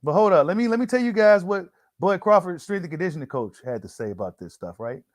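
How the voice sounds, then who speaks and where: A man's voice: sits high, lively intonation, fast talker, no echo, studio quality. Slangy man doing boxing talk. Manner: slangy, repeats himself, many fillers; reads an article aloud to viewers. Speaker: boxing channel host. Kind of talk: casual boxing commentary.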